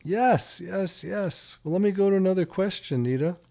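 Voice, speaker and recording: This man's high, gravelly voice has a slightly mellow quality and moves at a normal speed. A doctor who hosts a talk radio show, he jokes and tells stories casually and playfully, teasing his co-host.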